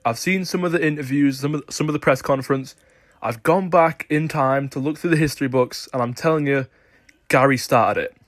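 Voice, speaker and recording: A man's voice: mid-range voice, brisk, no room sound, clean studio sound. A man giving opinionated sports commentary, emphatic and insistent as he argues his case.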